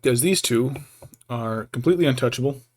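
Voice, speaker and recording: A man's voice: mid-range voice, fairly quick. A young man chatting casually on a live stream while painting miniatures, rambling and interrupting himself with jokes. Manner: rambling, self-interrupting, jokey; baby-talk to his pet between asides.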